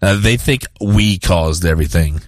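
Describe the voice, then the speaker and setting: Deep-voiced man ranting crudely. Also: moderate pace, no room sound, clean studio sound. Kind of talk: casual podcast chat.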